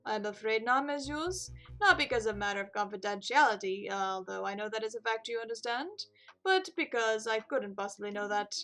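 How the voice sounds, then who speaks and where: A woman voicing a pompous male elephant who owns a chocolate shop, in a slow, put-on stereotypical European accent. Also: medium pitch, lively intonation, lightly acted. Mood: grandiose.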